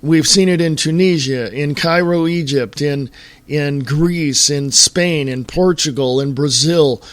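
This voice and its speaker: Slow, exasperated ranting man. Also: on the high side, dry recording. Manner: exasperated ranting, drawn-out deliberate delivery with sighs. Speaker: podcast host. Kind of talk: opinionated solo podcast commentary.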